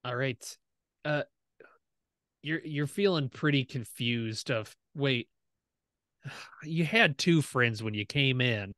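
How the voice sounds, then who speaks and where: A young man running a tabletop game, explaining rules in a relaxed way with fillers. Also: medium pitch, takes it slowly, long pauses, dry recording, clean studio sound. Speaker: game master.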